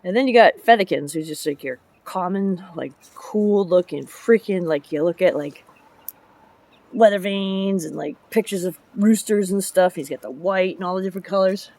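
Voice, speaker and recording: A woman's voice: lowish voice, normal speed, darkish tone. A woman vlogging in a casual rambling way, hopping between topics and chatting about her chickens and her job driving dump trucks. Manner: chatty, jumps between topics, laughs often. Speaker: vlogger and public works truck driver. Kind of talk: casual rambling vlog chat.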